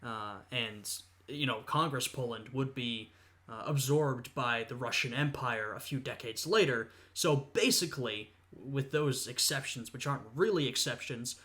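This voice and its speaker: A man's voice: mid-range voice, unhurried, bright, forceful tone. A young man, a history student, reacts to a video with casual, thoughtful commentary full of "uh" and "you know".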